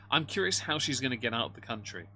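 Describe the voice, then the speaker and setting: A man's voice: mid-range voice, sing-song, brisk, pushed and bright, a little hiss or hum. A man giving live reaction commentary on a stream, making dry, mocking remarks while greeting his chat. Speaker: livestream commentator.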